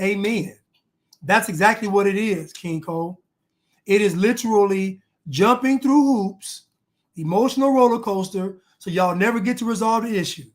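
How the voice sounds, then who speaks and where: A man's voice: high voice, normal speed. A man reacting to clips with blunt, emphatic commentary, repeating lines for emphasis.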